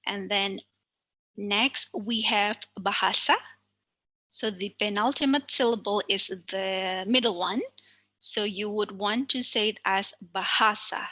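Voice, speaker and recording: A woman's voice: mid-range voice, slow pace, bright, forceful tone, no echo. A woman with an Indonesian accent teaching a language lesson online, talking carefully with many fillers.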